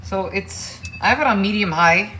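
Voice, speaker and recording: At the stove in her kitchen, a woman cooking show host chats openly with viewers during a casual demonstration. Her mid-range voice has a sharp tone and moderate pace, with faint music plus clear sizzling, stirring and clicks behind her.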